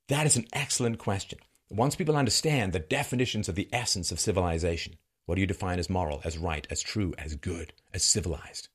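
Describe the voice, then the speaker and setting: A middle-aged man giving a sardonic monologue commentary that mocks what he criticizes, with bursts of laughter. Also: husky. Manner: sardonic, mocking, with lively swings in pitch and bursts of laughter.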